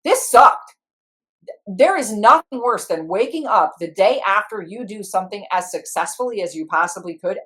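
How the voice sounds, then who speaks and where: A middle-aged woman, an IFS practitioner, telling a story in conversation and acting out her inner parts in quoted voices. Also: lowish voice.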